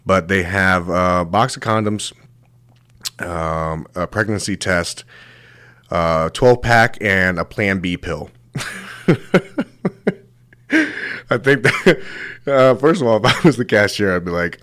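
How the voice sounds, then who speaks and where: Low-voiced young man telling crude stories. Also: slow, long pauses, a bit bright, clean tone, no room sound. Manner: crude, rambling, swears a lot and laughs at his own stories. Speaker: show host. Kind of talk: comedic storytelling monologue.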